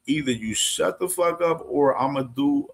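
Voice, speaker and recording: A man's voice: a little high, normal speed. A man hosting a boxing news show, casually commenting on clips, laughing often and swearing bluntly. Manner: laid-back, laughs a lot, blunt with profanity.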